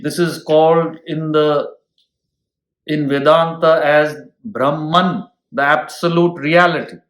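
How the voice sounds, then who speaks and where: A man's voice: fairly high pitch, steady tone, slow pace, a bit bright, echoey room, low-quality recording. A man giving a lecture on scripture, explaining with everyday examples and often checking with listeners. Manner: explains with homely examples and asks listeners "hmm?". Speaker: spiritual teacher.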